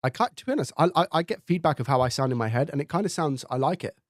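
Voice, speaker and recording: A man's voice: fairly high pitch, animated, very fast, no echo. A man hosting a live stream in casual chat, thinking aloud and testing his microphone up close with repeated checks. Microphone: studio dynamic mic, close up.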